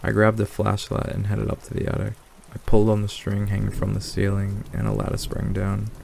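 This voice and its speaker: A man reads a horror story to fall asleep to in a calm, steady way. His low voice is thick with gravelly fry. Soft rain sounds faintly in the background. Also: a little fast, slight background noise, low-quality recording. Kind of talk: scripted narration of horror stories for sleep.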